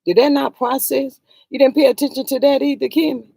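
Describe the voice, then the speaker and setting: A woman's voice: high voice, fairly quick, creaky, few pauses, darkish tone, breathy edge, no room sound. A woman giving heated livestream commentary on a reality show, scolding the people she talks about directly and sighing in exasperation. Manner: exasperated, sighs "Lord have mercy".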